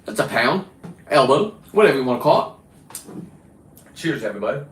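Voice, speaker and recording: A man's voice: medium pitch, big pitch swings, a little fast, fairly bright tone. A middle-aged man from California ranting bluntly and profanely through a rambling livestream monologue. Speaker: livestreaming diver and fisherman. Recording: roomy echo.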